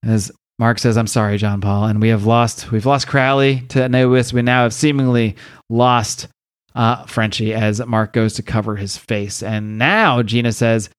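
A man hosting a comics podcast, casually recapping a story and acting out the dialogue in raised, excited voices. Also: brisk, no room sound, clean studio sound. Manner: acts out dialogue with high-pitched voices, swears casually. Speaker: podcast host.

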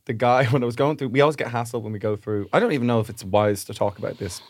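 A man co-hosting a comedy podcast, telling a story wryly, with deadpan, self-mocking asides. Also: mid-range voice, fast, no room sound. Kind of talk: casual chat.

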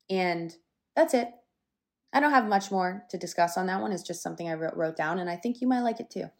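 A young woman talks through her own podcast in a casual, candid way, chatty and quick to swear. She sounds a little breathless as she goes. Her voice sits at a middle pitch for a woman. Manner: lively, sometimes breathless. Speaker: podcast host. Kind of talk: casual solo podcast talk.

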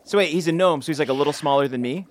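A player in a tabletop game speaking in character, excitable and gushing. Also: mid-range voice, rapid-fire, slight background noise.

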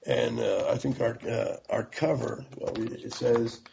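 A man's voice: mid-range voice, big pitch swings, normal speed, gravelly, mellow, highs cut off, a little hiss or hum. A middle-aged American man telling the story of starting his magazine in a casual, rambling way, full of fillers and restarts.

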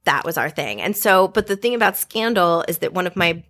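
A woman in her thirties, a podcast guest, chatting casually and telling stories with lots of quick asides. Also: fairly low pitch, lively intonation, fairly bright tone. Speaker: podcast guest, former White House staffer. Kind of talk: casual storytelling chat.

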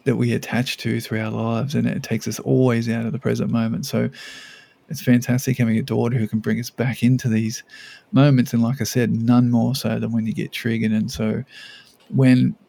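Gravelly, mellow-voiced man chatting. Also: mid-range voice, level tone, moderate pace. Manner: rambling, many restarts and "like"s. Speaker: podcast co-host. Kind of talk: casual parenting podcast chat.

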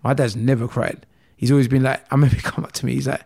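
A man's voice: medium pitch, flat delivery, rapid-fire, gravelly, darkish tone, breathy edge. A man in his thirties from England, telling his story candidly as an interview guest in a rambling, emotional way that repeats phrases. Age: 30s.

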